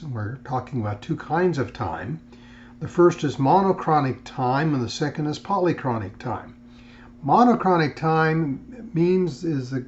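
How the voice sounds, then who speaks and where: A man giving a recorded lecture in a measured way, with frequent fillers and restarts. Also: fairly high pitch, lo-fi sound, a little hiss or hum. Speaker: instructor.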